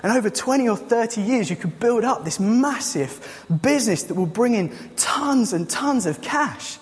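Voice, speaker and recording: A man acting out an eager, pushy male businessman in a sermon story, pitching a big plan with enthusiasm. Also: expressive, moderate pace. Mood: eager, persuasive. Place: church hall. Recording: long church hall reverb.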